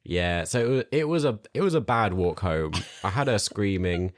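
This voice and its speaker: A man's voice: sits low, big pitch swings, moderate pace. A man, co-hosting a parenting podcast and telling a long, self-mocking story. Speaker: podcast co-host. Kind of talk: casual storytelling chat.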